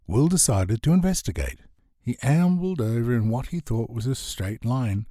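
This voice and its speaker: A man narrating a comic novel as an audiobook, expressive and swinging his pitch for comic effect. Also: breathy edge, no echo, clean studio sound.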